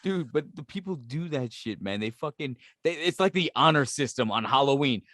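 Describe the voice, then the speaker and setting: A middle-aged man from Brooklyn with a New York accent, co-hosting a podcast in casual, profane, comedic chat, animated and quick to laugh. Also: medium pitch, no echo, studio quality. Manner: animated, swears constantly, laughs often. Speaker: podcast co-host.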